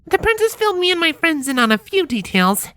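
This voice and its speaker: A man voicing a clever young female unicorn mage with brisk, matter-of-fact, snippy replies in a fan story reading. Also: extremely high pitch, big pitch swings, bright, forceful tone, no echo, pitched above the performer's own voice, heavily acted. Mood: curious. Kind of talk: audiobook fanfiction reading.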